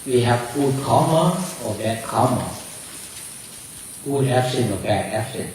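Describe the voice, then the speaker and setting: Slow, halting monk in an echoey room. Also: male voice, mid-range voice, lively intonation, darkish tone, slight background noise. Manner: halting, repeats words while searching for them. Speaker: Buddhist monk. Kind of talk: dharma talk answering questions. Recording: very echoey room, distant mic.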